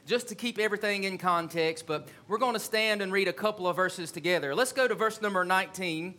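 A man's voice: high-pitched, a little fast, sharp tone. A man preaching a sermon as pastor, reading scripture and asking the congregation rhetorical questions with rising fervor. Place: church sanctuary.

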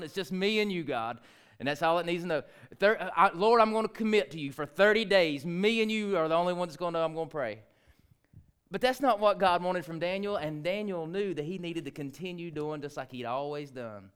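A man preaching in church in a high, ringing voice that stays smooth and clean. He builds to loud, fervent emphasis, then drops to hushed, confiding asides, and acts out prayers as he goes. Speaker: pastor. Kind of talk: sermon.

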